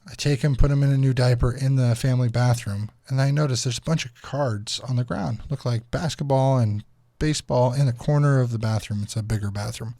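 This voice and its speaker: A man in his thirties telling a road trip story to camera as a vlogger and father, swearing freely and acting out what people said. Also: medium pitch. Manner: profane, animated, acts out quotes. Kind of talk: casual storytelling.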